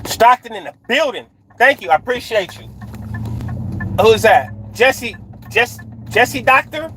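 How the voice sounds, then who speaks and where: A man's voice: very high-pitched, animated, a little slow, sharp tone, slight background noise, rough recording. A man livestreaming from his car at night, telling a story in street slang and checking in with viewers. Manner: street slang, frequent "right?" tags, greets viewers mid-story. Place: inside a car on a dark road at night.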